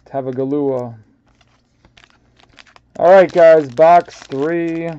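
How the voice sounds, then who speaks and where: A man's voice: fairly high pitch, slow pace, vocal fry, no echo, muffled recording. A man with a New York accent hosting a live card break, casually calling out player names and stumbling over some of them.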